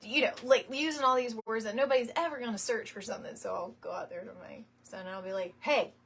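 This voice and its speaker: A woman's voice: on the high side, fast, fairly bright tone, slightly rough. A woman, chatting casually and laughing often as she makes a wreath live and greets viewers by name. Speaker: wreath-making live stream host. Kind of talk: casual chat while crafting on a live stream.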